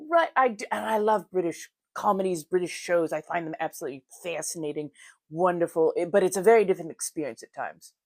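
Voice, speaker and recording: Chatty woman with a lively voice. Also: lowish voice, no echo, studio quality. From United States. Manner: chatty, greets viewers warmly, frequent laughs. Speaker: livestream host. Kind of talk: casual livestream chat.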